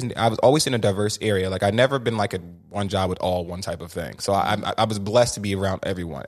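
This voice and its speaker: Fast-talking opinionated man. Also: fairly low pitch. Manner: animated, opinionated, restarts phrases. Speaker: podcast guest, entrepreneur. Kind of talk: casual podcast conversation.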